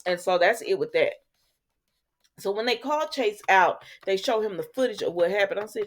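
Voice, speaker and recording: A woman's voice: medium pitch, lively intonation, normal speed, a little hiss or hum. A woman hosting a casual soap opera recap, chatty and sassy, talking back to the characters.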